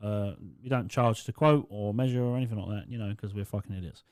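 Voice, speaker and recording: A man's voice: fairly low pitch, fast talker, darkish tone, dry recording, clean studio sound. Swearing man telling a story. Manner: swearing, laughing, exasperated storyteller. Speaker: podcast co-host. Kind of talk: casual storytelling. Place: podcast studio.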